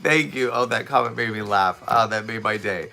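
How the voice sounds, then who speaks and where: A man hosting a casual live stream, talking to viewers with lots of energy and quick laughs. His voice is a bit scratchy and worn from hours of talking and teaching, with a bright, forward tone. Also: lowish voice. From Southwest Florida. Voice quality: slightly raspy, scratchy from overuse. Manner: chatty, animated, laughs often, talks to viewers' comments. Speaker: live streamer and fitness instructor. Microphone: streaming setup close to camera.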